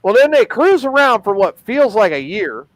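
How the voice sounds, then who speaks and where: Lively high-voiced profane man. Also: moderate pace, dry recording. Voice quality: profane, emphatic. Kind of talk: casual storytelling.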